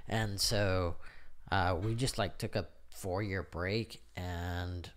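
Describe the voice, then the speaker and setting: A man's voice: low-pitched, fairly even intonation, slow pace, clean tone. A man who is a guest on a podcast, talking in an easygoing, agreeable casual chat.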